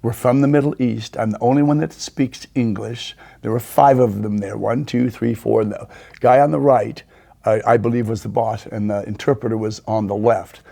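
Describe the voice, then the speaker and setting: An older man hosting a podcast, telling unhurried anecdotes and quoting people in a lowered voice. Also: steady tone, gravelly, dark tone. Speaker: podcast host, storyteller. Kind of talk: casual storytelling interview.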